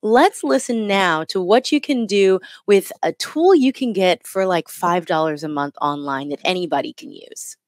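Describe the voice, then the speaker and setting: Lady correspondent explaining stuff clearly, lowish voice, dry studio. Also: expressive, moderate pace, few pauses, darkish tone, no echo. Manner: clear, explanatory, with light laughs. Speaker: senior correspondent. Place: Washington, D.C. area studio. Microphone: studio microphone.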